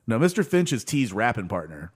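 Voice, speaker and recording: A man's voice: on the low side, sing-song, a little fast, breathy edge. A man casually chatting as podcast co-host, retelling scenes with lots of fillers. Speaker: podcast co-host recapping a show. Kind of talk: casual chat.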